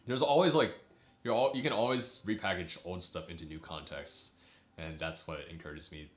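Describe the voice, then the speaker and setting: A man's voice: low-pitched, normal speed, echoey room. A young man chatting casually with his livestream viewers, rambling and laughing often. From United States. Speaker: streamer.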